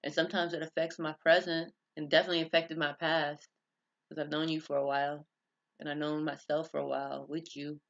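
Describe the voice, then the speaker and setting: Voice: medium pitch, little pitch movement, a little fast, gravelly, fairly bright tone. A vlogger from the United States talking in a casual, rambling monologue that drifts between tangents and breaks off mid-thought. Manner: rambling, tangential, self-interrupting. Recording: dull lo-fi recording.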